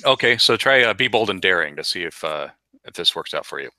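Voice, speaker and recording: Bright-voiced game master man. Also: sits low, animated, quick pace, dry recording. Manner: narrates with frequent uhs and repeats. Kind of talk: narrating a tabletop game.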